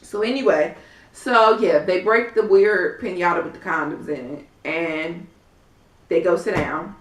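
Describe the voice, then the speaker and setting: Sassy, blunt and profane, a woman with a low voice and measured pace recaps a reality show on a casual vlog, acting out the cast members' words. She's far from the mic in an echoey room.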